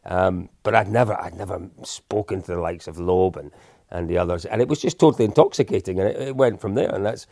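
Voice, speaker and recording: A man in his fifties, a guest in an interview, telling anecdotes in a relaxed, self-deprecating way. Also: sits low, quick pace, gravelly, no room sound, clean studio sound. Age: 50s. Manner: anecdotal, self-deprecating, with frequent restarts and chuckles. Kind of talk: casual storytelling in an interview.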